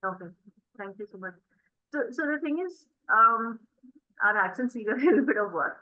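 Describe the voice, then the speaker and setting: A woman's voice: on the high side, expressive, moderate pace, dry recording, dull audio. A woman teaching an interactive spoken English class, explaining patiently and encouraging her students. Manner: encouraging, explanatory, many fillers.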